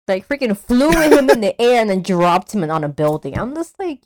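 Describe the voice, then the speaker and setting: Animated woman recapping a monster movie. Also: brisk, hardly any pauses, no room sound. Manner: animated, acts out monster scenes in high voices. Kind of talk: casual chat.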